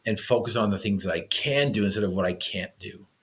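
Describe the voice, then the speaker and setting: A man's voice: fairly low pitch, brisk, fairly bright tone. Earnest man telling a personal story. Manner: earnest storyteller with frequent restarts. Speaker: podcast guest.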